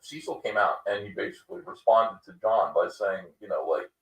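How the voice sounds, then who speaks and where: A man's voice: fairly low pitch, a little fast. A man hosting a livestream podcast, ranting in casual commentary with lots of fillers and mocking quoted voices. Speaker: podcast host. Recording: echoey room, distant mic.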